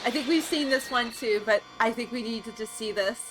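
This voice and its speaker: A woman's voice: a little high, fairly quick, music in the background, rough recording. A woman streaming a game and chatting casually, laughing easily and saying "oh shucks" a lot. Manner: giggly, exclaims "oh shucks" often. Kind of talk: casual live-stream commentary.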